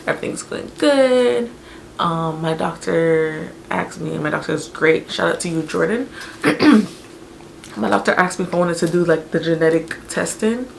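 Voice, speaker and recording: A young woman telling a personal story in a casual, animated, chatty way, with many fillers. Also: on the low side, creaky, a little hiss or hum. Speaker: vlogger telling her birth story.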